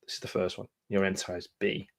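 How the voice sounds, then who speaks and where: A man's voice: sits low, monotone, quick pace. A man chatting casually about films, reading blurbs aloud and breaking off into rambling, self-interrupting asides. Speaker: film vlogger.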